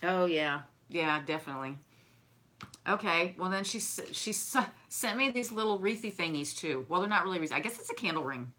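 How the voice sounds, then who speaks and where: A woman's voice: on the low side, expressive, fairly quick, bright, forceful tone. A woman, chatting casually and effusively to her viewers while unboxing gifts they sent her. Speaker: craft and decor vlogger.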